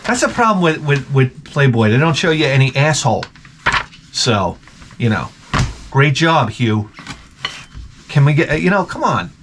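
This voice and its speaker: A man's voice: medium pitch, big pitch swings, unhurried, pauses often, a bit bright, a little hiss or hum. A man telling crude stories with a comic edge, rambling and laughing a lot, and acting out the lines of the people in them. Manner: crude, rambling, laughs often, acts out quotes. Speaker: vlogger. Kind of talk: profane comic storytelling.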